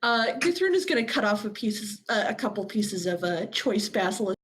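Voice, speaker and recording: A woman's voice: medium pitch, sing-song, normal speed. A woman playing a tabletop game, talking hesitantly with many fillers.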